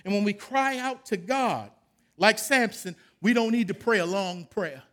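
A man, preaching a sermon that swings from low, quiet talk to loud shouted calls. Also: measured pace. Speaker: pastor.

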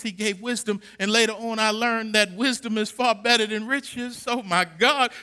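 A middle-aged pastor preaches to his church in a high, piercingly bright voice. He builds to loud, emphatic bursts and calls out to the people in the pews. His tone stays ringing and sharp even when he drops to a quieter passage. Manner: preaching with rising emphatic bursts and call-outs to the congregation. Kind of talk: sermon.

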